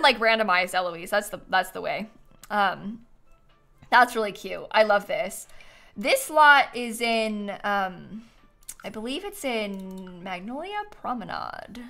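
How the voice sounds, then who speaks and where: A woman's voice: mid-range voice, lively intonation, takes it slowly, pushed and bright. A woman streaming a game, gushing and giggling in casual live commentary.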